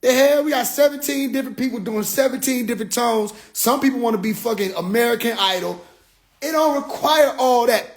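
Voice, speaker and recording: A man with a high-pitched voice rants casually on a phone livestream, full of swearing and animated energy. He keeps dropping into low, mocking impressions of other people. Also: gravelly. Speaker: livestream host.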